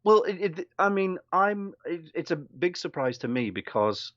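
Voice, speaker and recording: A man chatting as a podcast guest, an animated storyteller who acts out the quotes he tells. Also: fairly high pitch, a little slow, dry recording. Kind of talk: casual interview chat. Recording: dull lo-fi dry sound.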